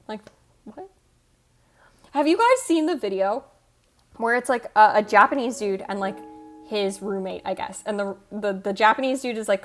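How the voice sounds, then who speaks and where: Rambly, casual woman streamer. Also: mid-range voice. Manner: rambling, self-interrupting and swearing casually. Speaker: livestreamer. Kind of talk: casual chat reading out viewer comments. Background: faint background music.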